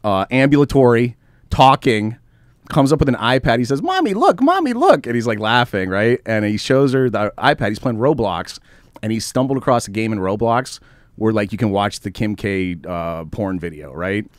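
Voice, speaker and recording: A man's voice: on the low side, normal speed, no room sound. A man hosting a comedy podcast, telling a long story with lots of energy and casual swearing. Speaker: podcast host.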